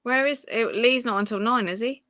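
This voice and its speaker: A woman's voice: a little high, brisk, pushed and bright, dry recording. A woman co-hosting a casual live podcast, speaking candidly with plenty of fillers. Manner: chatty, candid, trailing fillers. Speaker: podcast co-host.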